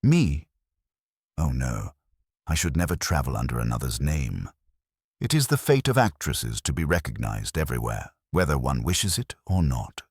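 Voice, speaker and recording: A man reading a poised, theatrical actress in a husky voice. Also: a bass voice, wildly swooping pitch, normal speed, dry recording, studio quality, heavily acted. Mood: languid. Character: poised aloof actress woman.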